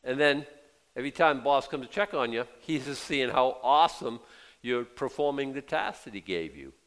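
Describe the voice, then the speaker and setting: A man's voice: medium pitch, lively intonation, normal speed, a bit bright. An older man in his sixties preaching a sermon in a conversational way, acting out quotes in little voices. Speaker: pastor.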